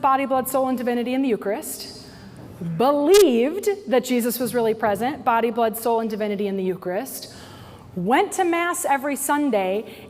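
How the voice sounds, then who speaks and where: A woman in her forties giving a workshop talk to church staff, telling stories in an animated way and often adding "right?". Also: on the high side. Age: 40s. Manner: animated storytelling, tag questions like "right?". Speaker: workshop speaker. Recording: hall reverb, faint noise.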